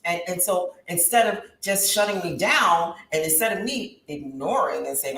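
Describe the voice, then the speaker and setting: Lady in her 30s preaching her story in an interview, kinda low voice, roomy echo. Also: a little fast, few pauses, bright, forceful tone. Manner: impassioned, preacher-like cadence. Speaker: guest talk show host. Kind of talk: emotional testimony in interview. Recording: roomy echo with faint background hiss.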